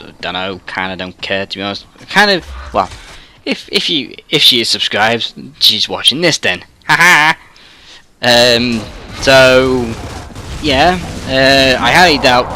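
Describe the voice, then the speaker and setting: A young man with an English accent rants into the camera for his gaming channel. His voice is bright and a little tense, and he swears a lot, drifts off on tangents and fills gaps with ums. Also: mid-range voice, creaky, a little hiss or hum. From England. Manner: rambling and sweary, full of ums and trailing asides. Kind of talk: ranting monologue.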